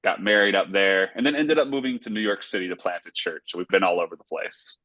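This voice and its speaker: A man's voice: sits low, quick pace, bright, forceful tone, no room sound. A man from North Carolina, a pastor and author, telling a personal story earnestly in a casual interview. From Raleigh, North Carolina, US.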